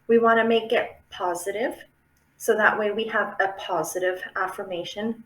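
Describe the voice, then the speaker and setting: A woman's voice: medium pitch, fairly bright tone. A woman giving a casual, chatty how-to talk on affirmations, often checking in with the listener. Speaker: affirmation practice teacher. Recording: roomy, echoey room.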